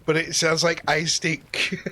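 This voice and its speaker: A man casually chatting while streaming a game, joking and self-deprecating, thinking out loud. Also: fairly high pitch, little pitch movement, slow. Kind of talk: casual live-stream chat.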